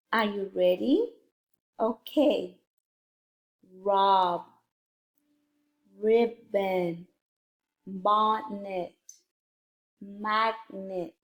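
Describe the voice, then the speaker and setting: A woman teaching a phonics lesson to young children, sounding out letters one at a time in a slow, deliberate way. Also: fairly high pitch, a little mellow, roomy sound.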